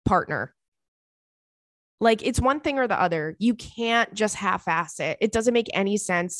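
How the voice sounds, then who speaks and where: A woman's voice: medium pitch, no echo, clean studio sound. A young woman hosting a podcast, giving listeners frank, casual advice and swearing freely. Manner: blunt, candid, swears freely. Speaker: podcast host.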